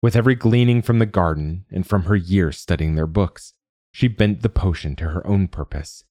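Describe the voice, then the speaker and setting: A man reading a fantasy story aloud in a measured, deliberate way as a podcast narrator. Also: low-pitched, a little mellow, no echo, clean studio sound. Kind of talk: scripted narration.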